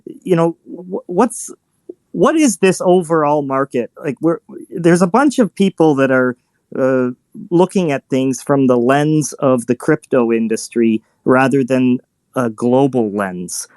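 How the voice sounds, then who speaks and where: A man calmly laying out a broader view in a casual group call. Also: mid-range voice, measured pace, dry recording.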